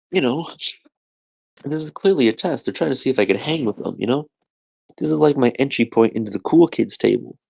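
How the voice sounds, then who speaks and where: Sleepy rambling man, gravelly. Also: medium pitch, fast, a little mellow. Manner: sleepy, repetitive self-talk. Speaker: podcast co-host. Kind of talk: rambling solo monologue.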